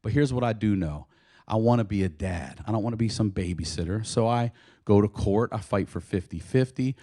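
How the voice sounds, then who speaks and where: A young man performing a stand-up set about his daughter, jumping into a loud, high squealing voice when he acts out his own yelling. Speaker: stand-up comedian. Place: comedy club stage.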